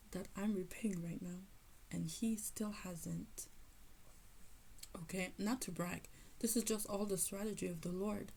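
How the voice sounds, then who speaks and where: A young woman giving a casual, emphatic spiritual testimony with a husky voice that often drops to a whisper. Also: medium pitch, mellow, rough recording. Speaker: testifying believer.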